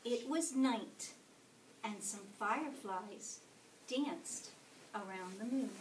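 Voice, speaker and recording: A woman storyteller reads a picture book to young children at a slow, deliberate pace, expressive and often pausing to ask them questions. Her fairly high voice is caught from far off in an echoing classroom. Faint room noise sits underneath. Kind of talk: reading a picture book aloud to kindergartners.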